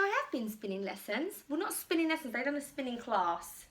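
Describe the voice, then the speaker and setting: A woman with an English accent speaks in a high, very animated voice that's a little fast and a bit bright. She's a YouTuber at home doing a clothing try-on haul, rambling casually, poking fun at herself and sounding a little out of breath.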